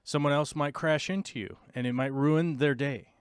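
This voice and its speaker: With a clear, resonant, somewhat high voice, this American podcast host speaks at normal speed with fairly even intonation. The dry, studio-quality recording captures his playful, meandering opening banter and jokey asides on his long-format show.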